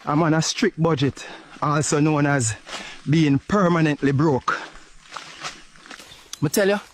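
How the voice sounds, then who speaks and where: A man's voice: on the high side, a little slow, a little hiss or hum, natural voice. A man voicing a hungry, broke, jolly Jamaican man in a comic clip, with a Jamaican accent and sing-song delivery. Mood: playful.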